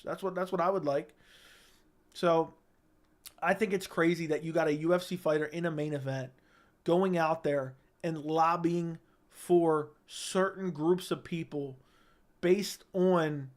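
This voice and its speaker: A man with a fairly high voice hosts a livestream and delivers hot, blunt commentary about the fight world. He circles back to the same phrases again and again, his talk sounding close and direct through a studio microphone. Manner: blunt, heated ranting with repeated phrases. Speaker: MMA commentary channel host. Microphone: studio broadcast mic.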